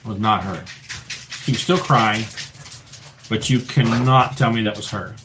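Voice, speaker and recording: A man telling a ghost story in a casual chat, swearing freely and dropping to a low hush for the tense moments. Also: measured pace, noisy background. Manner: profane, animated storyteller who drops to a low hush for the tense parts. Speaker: paranormal investigator guest.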